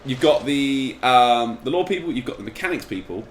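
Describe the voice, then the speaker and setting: A man's voice: medium pitch, expressive, moderate pace, echoey room, slight background noise, poor audio. A man hosting a gameplay stream, chatting casually and rambling while he plays. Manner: rambling, distracted while playing. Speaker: gaming streamer.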